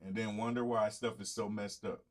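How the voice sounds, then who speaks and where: A man's voice: fairly low pitch, flat delivery, moderate pace. A man, hosting his own show and lecturing viewers bluntly in casual live-stream talk. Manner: blunt, preachy, talks straight to viewers. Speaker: show host.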